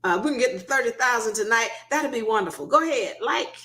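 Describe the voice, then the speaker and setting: A woman's voice: fairly high pitch, animated, fast talker, sharp tone. Chatty woman on an echoey live stream. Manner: repeatedly checking if viewers can hear her, patient and chatty. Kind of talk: casual live-stream chat with viewers.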